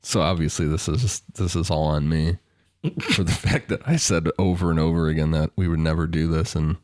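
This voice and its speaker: Podcast co-host, male, very deep voice, dry close sound, loose and chatty. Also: fairly quick, a little mellow, dry recording. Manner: laughs between phrases, loose and chatty. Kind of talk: casual chat.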